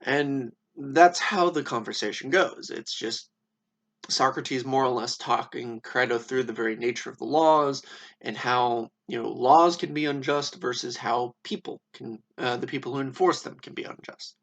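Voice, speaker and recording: Gravelly, casual, swearing male storyteller. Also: mid-range voice, normal speed, a bit bright. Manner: casual, profane, many fillers and "right?" tags. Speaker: explainer retelling philosophy.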